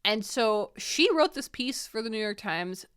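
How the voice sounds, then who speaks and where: A woman co-hosting a book podcast in a loose, casual chat. Her voice sits a little high and has a bright, sharp edge. She rambles eagerly, full of fillers and quick asides. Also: animated, smooth. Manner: enthusiastic, rambling, many "like" and "um" fillers. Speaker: podcast co-host.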